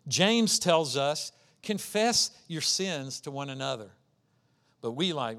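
A man's voice: a little high, big pitch swings, slow, a bit bright. A man preaching an earnest sermon as pastor, acting out the voices he quotes.

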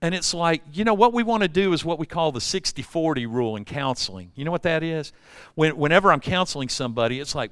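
A man's voice: high-pitched, big pitch swings, fairly quick, a bit bright, clear, resonant tone, no echo, clean studio sound. An older man preaching a sermon, telling folksy stories and acting out voices. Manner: folksy storytelling with acted-out voices. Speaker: pastor.

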